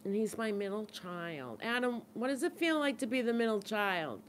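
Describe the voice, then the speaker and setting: A woman's voice: a little high, expressive, normal speed, slight background noise. A middle-aged woman with a Boston accent hosting a support group livestream in casual, earnest chat, answering viewers' comments and urging them on. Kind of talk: casual live-stream chat.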